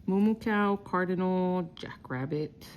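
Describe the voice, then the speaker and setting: A woman hosting a casual vlog, reading out scratch-off symbols slowly one by one. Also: lowish voice, darkish tone, highs cut off, slight background noise. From Texas. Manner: slow, reads out symbols one by one while scratching. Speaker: lottery scratch-off vlogger.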